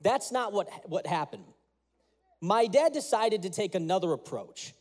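A man's voice: sits high, sing-song, measured pace, darkish tone. A man, a pastor, preaching a sermon with earnest prayer and storytelling.

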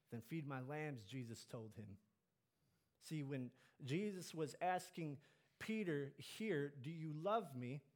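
Male preacher, slightly higher voice, sermon delivery with dynamic swings between loud peaks and soft lows. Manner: builds to loud emphatic peaks, drops low and soft on key lines.

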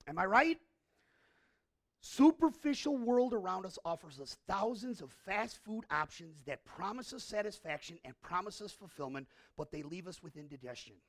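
Husky, gravelly-voiced male pastor preaching. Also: sits high, expressive, moderate pace. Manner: impassioned, swings from hushed to shouting; conversational, asks the audience questions. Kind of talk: sermon.

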